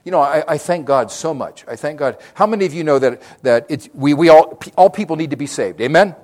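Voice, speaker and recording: High-voiced man preaching a sermon. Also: expressive, brisk. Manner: preaching, swinging from quiet to loud; asks the congregation questions. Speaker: pastor.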